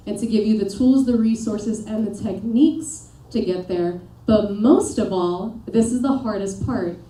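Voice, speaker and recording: A woman working as a performance coach, giving an energetic motivational seminar and pushing the audience with questions and commands. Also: mid-range voice. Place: seminar room with a live audience. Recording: echoey room, voice picked up from a distance.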